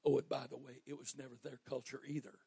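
Southern guy preaching, goes from soft asides to shouting, dry close mic. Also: medium pitch, level tone, fast, vocal fry, husky, no echo. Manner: preaching, swinging from quiet asides to shouted emphasis. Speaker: pastor. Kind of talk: sermon.

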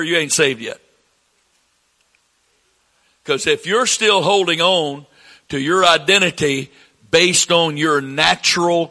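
A man in his sixties with a Southern American accent, preaching a sermon to his congregation, climbing to emphatic peaks and dropping to quiet asides. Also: on the high side, big-room sound. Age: 60s. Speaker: pastor.

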